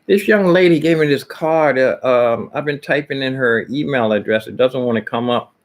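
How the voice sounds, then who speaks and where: A man's voice: medium pitch, normal speed. A man casually vlogging at home, rambling and jumping between topics with many restarts.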